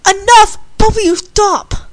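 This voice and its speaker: A woman's voice: very high-pitched, expressive, moderate pace, a bit bright, no echo, voice pushed up. A woman voicing a stern elderly woman who runs an orphanage, in a storybook reading, with a firm, scolding tone.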